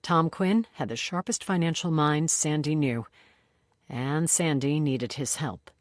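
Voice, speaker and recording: A narrator reading a crime novel aloud in an even, measured storytelling voice. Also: medium pitch, no echo, clean studio sound. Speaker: audiobook narrator. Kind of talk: scripted narration.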